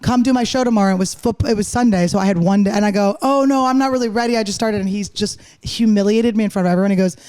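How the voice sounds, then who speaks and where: Joking, quick-talking woman from Philadelphia. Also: mid-range voice, steady tone, warm tone. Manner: quick, joking, acts out quoted people. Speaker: comedian guest. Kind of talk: casual podcast storytelling.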